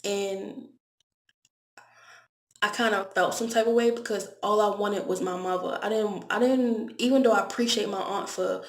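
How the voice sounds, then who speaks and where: Gravelly-voiced woman in an echoey room. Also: medium pitch, fairly even intonation, normal speed. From Baltimore, US. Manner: candid, conversational, repeats words. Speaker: vlogger. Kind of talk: casual storytime vlog.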